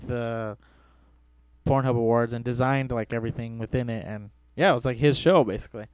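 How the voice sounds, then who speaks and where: Young man, casual chat, teasing, laughs a lot, smooth clear voice. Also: medium pitch, a little fast, darkish tone, no echo. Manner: joking, teasing, laughs easily. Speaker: podcast co-host.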